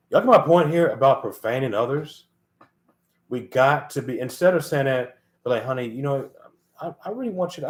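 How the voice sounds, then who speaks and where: A man giving an informal sermon, scolding and emphatic, repeating himself and swearing freely as he lectures his listeners. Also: fairly low pitch. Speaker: lay preacher. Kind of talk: casual preaching.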